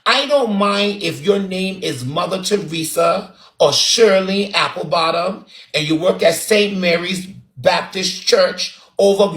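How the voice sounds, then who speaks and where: Sassy high-voiced Barbadian man. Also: fairly bright tone. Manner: sassy, dramatic, repetitive. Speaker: online commentator. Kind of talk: roasting commentary. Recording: roomy echo.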